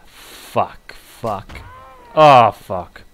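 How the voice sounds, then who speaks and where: A man giving live gameplay commentary, muttering and cursing with sudden excited outbursts. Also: fairly low pitch, extremely slow. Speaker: gamer.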